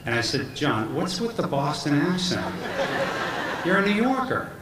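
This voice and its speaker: A loud crowd fills the echoey hall as a middle-aged man gives a commencement speech at a podium mic, with background noise throughout. His slightly high voice swings widely in pitch and moves unhurriedly through jokey, self-mocking family stories.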